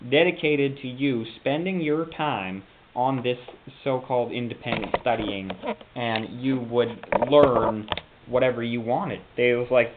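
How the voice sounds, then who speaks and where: A young man vlogging in a meandering, self-interrupting monologue, drifting into a put-on Southern drawl. His voice sits at an ordinary middle pitch. The sound is thin and phone-like, with a faint hiss behind it. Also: measured pace. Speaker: YouTube vlogger. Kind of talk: rambling casual monologue.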